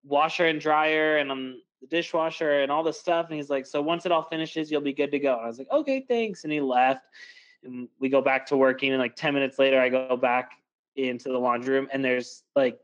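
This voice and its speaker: A man's voice: mid-range voice, little pitch movement, a little fast, muffled recording. A young man co-hosting a podcast, chatting casually and telling stories, with lots of filler "like". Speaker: podcast co-host. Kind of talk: casual chat.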